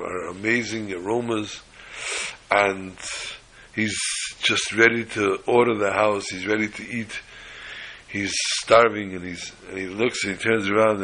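A man's voice: fairly low pitch, sharp tone, breathy edge, low-quality recording. A man giving a sermon, emphatic, piling up repeated phrases and restarts.

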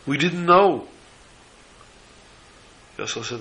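A man's voice: medium pitch, moderate pace, long pauses, slight background noise, poor audio. A man telling a religious story as a sermon, acting out the characters' voices with feeling. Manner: animated storyteller voicing characters.

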